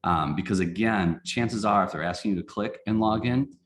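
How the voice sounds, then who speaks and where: A man who runs a company, presenting a casual training webinar in a folksy, animated way and acting out examples. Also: on the low side, moderate pace.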